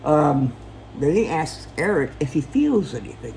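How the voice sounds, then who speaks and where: Animated sarcastic man recapping a film. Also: a little high, unhurried, vocal fry, slight background noise, poor audio. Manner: jokey, profane, sarcastic; acts out characters and sound effects. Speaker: film reviewer. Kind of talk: casual movie recap.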